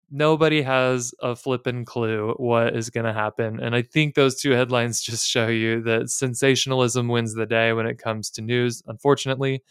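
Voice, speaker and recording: A man's voice: mid-range voice, clean tone, no room sound, clean studio sound. A man in his thirties hosting a podcast, talking in a candid, chatty and plainspoken way with casual asides. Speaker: podcast host. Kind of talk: casual finance podcast talk.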